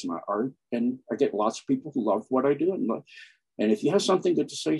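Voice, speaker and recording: A man's voice: mid-range voice, fast talker, a little mellow, breathy edge, low-quality recording. A man speaking as a guest in an impassioned, preachy monologue, pressing his points with emphasis. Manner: preachy, emphatic, keeps acting out quoted people. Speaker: guest on online channels.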